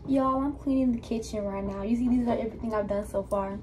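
A woman's voice: on the high side, steady tone, fast talker, background noise. A teenage girl vlogging her school day to viewers on a phone camera, talking in a loose, slangy, chatty way. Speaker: student vlogger. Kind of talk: casual vlog chat to camera.

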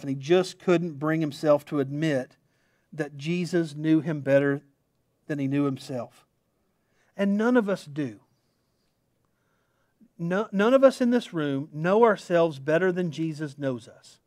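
A man's voice: fairly high pitch, a little slow, pauses often, darkish tone, dry recording, studio quality. A middle-aged man, a pastor, preaching a sermon in a storytelling, self-deprecating way that mixes humor into his points.

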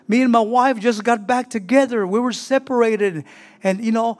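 A middle-aged man preaching a sermon in a church, emotional and halting, with frequent restarts. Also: extremely high pitch. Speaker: pastor. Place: church sanctuary.

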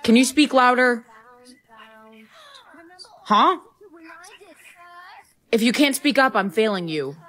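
A stern, impatient female teacher, voiced by a woman in a comedy skit. Her voice is fairly high, and she is short with her students. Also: lively intonation, slow, long pauses, fairly bright tone, full character voice.

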